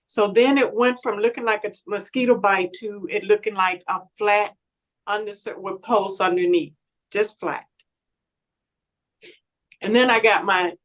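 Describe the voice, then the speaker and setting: A woman speaking on a panel as a patient, sharing her story in an earnest, halting way and often repeating words. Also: mid-range voice, low-quality recording. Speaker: patient advocate. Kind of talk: panel discussion, personal testimony.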